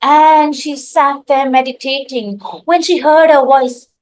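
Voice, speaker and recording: A woman narrating an improvised folk tale in a calm, expressive way. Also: sits high, slow. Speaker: storyteller. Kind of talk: improvised storytelling.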